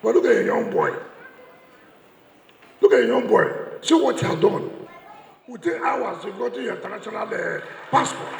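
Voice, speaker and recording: A man's voice: high-pitched, lively intonation, normal speed, gravelly, pauses often, a little hiss or hum. A man with a Nigerian English accent giving a combative political speech, mocking his opponents and repeating lines for emphasis. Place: large church hall. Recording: echoey church hall, long reverb.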